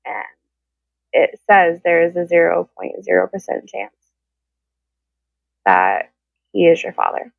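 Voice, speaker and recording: A woman's voice: fairly low pitch, very animated, unhurried, vocal fry, pauses often, no room sound. A woman telling her own story candidly and emotionally, acting out what others said. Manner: emotional, quotes people in their own voices. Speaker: guest sharing her story. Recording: tinny phone-like line, dry.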